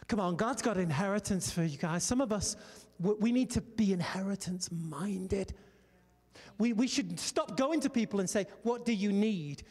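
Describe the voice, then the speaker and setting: A male pastor preaching in an animated storytelling style, often calling out to his congregation. His voice sits high for a man. The sound rings with the long reverb of a church hall. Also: normal speed. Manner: storytelling, animated preaching with "come on" and "amen" calls. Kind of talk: sermon.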